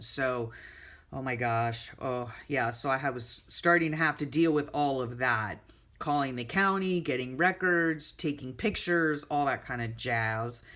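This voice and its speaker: A middle-aged woman chatting at home as she pages through her journal. She rambles casually, drifts into side stories, and gets animated when a story heats up. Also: sits low. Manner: animated storytelling, many fillers and asides. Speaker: journal flip-through vlogger.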